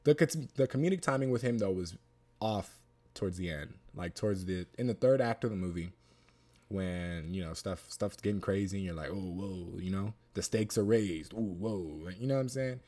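A man with a fairly low voice talks through a movie review in a loose, chatty way. He piles up fillers and restarts, then repeats short phrases for emphasis. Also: lively intonation, brisk, warm tone. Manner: rambling, lots of fillers and restarts; emphatic, repeats himself for stress. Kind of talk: casual spoken film review.

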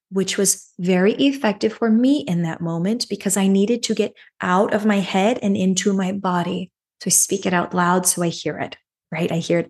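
A woman's voice: lowish voice, a little mellow, slightly rough. A woman hosting a podcast, telling a personal story and giving self-help advice in an earnest way, often adding a questioning "right?". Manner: earnest, repeats phrases, frequent rhetorical "right?". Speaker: podcast host.

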